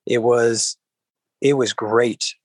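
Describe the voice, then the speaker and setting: A man, an actor being interviewed, who talks in an even-keeled, mellow way, rambling with frequent restarts and filler phrases. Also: medium pitch, slow, dry recording, poor audio. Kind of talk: relaxed interview conversation.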